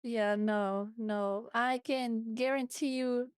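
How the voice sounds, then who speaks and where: A woman's voice: fairly even intonation, slow pace. A woman co-hosting a casual reaction chat, her voice run through a modifier that raises it. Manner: raises her pitch on purpose, chatty. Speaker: VTuber co-host.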